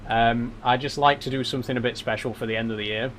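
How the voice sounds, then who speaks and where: A man's voice: mid-range voice, steady tone, fast, a bit bright, a little hiss or hum. A young man with a South Yorkshire accent chatting on a game live stream, reading chat aloud, laughing often and swearing casually. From South Yorkshire, England.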